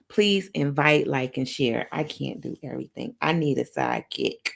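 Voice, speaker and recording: A woman's voice: deep voice, animated, a little fast, gravelly, few pauses. A woman hosting a live motivational affirmation stream, repeating phrases in a preacher-like call-and-response. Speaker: motivational talk show host.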